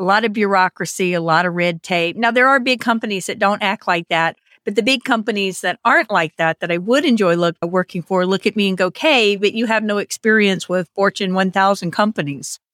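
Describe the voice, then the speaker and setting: A woman's voice: medium pitch, no echo, clean studio sound. A woman hosting a podcast over a remote call, chatting casually and laughing often. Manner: laughing, chatty, animated storytelling. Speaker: podcast host. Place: home, on Pacific time.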